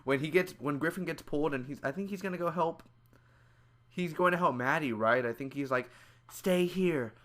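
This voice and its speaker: A young movie reviewer gives a brisk, casual spoiler review, loud, excitable and packed with slang. He acts out the scenes with high squeals and screams.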